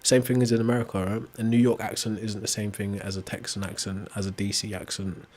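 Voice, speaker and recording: A man's voice: on the low side, little pitch movement, quick pace, darkish tone. An English man with a working-class accent, chatting casually while gaming and often asking "right?". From England. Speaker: streamer.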